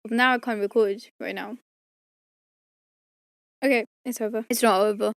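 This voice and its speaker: Slightly high and fairly even in intonation, this woman speaks at a moderate pace with vocal fry, and there's no room sound. She's an audiobook reader at home doing outtakes, worn out and talking casually to herself, rambling and poking fun at herself between takes.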